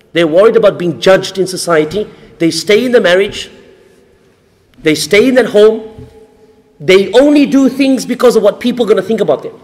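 Aussie guy preaching in a mosque, high voice, lots of repeated questions, long echo off the hall. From Australia. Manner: rhetorical questions, repeats phrases for emphasis. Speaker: sheikh giving a mosque lecture. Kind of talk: sermon.

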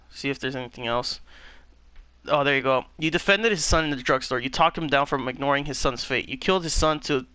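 Brief: young gamer host, bright and clear, close dry mic, swears through his reactions. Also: fairly high pitch, no room sound. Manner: emotional, swears constantly, reads on-screen text aloud. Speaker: gaming channel host. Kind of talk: game playthrough reaction.

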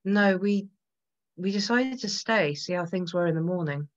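A woman's voice: fairly low pitch, lively intonation, moderate pace, muffled recording, natural voice. A woman voicing a frightened young woman who strains and pleads as she fights to recall what happened. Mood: distraught. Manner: pleading, strained, rising in distress.

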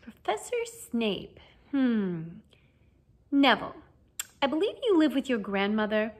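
In a fan audiobook reading, a woman voices a kindly middle-aged wizard teacher who explains things gently and cheerfully, coaxing his pupils along with calm encouragement. Her delivery is on the high side and a little fast, with an encouraging mood.

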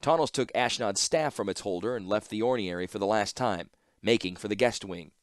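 A man narrating a fantasy story in audiobook style, steady and measured. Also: lowish voice, dry recording, clean studio sound.

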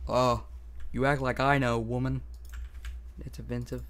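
A man's voice: mid-range voice, flat delivery, normal speed, a bit bright, clear, resonant tone. A young man casually voicing characters in an improvised game role-play, goofy and rambling. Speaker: roleplay creator.

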